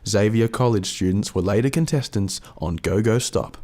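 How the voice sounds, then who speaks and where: A man with an Australian accent reading comedic script narration in a dry, deadpan way as a podcast host. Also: lowish voice, moderate pace.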